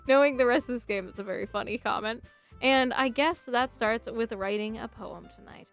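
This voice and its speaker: A chatty woman streamer with a slightly high voice, giggling as she reads game dialogue aloud and riffs with her chat. Faint music plays under her talk. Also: moderate pace, a bit bright. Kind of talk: casual let's-play commentary.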